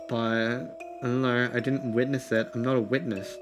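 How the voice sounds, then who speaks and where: A male streamer chats his way through a personality quiz, rambling and laughing as he thinks out loud. His voice sits at an ordinary middle pitch. Soft music plays faintly underneath. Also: fairly even intonation, fairly quick. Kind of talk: casual live-stream chat, reading quiz questions aloud.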